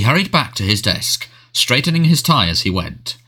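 A man narrating a storybook in a measured, expressive reading. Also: mid-range voice, breathy edge. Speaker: audiobook narrator.

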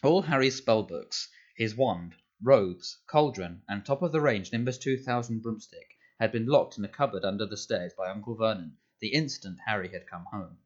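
Low-voiced man narrating a storybook. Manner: measured storytelling. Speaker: audiobook narrator. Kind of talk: scripted narration. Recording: dull lo-fi audio.

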